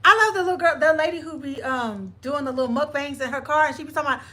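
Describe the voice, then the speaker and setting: A woman's voice: high voice, fast, pushed and bright. A woman with a Southern US accent co-hosting a live stream in casual chat, playful and laughing often as she talks to her viewers.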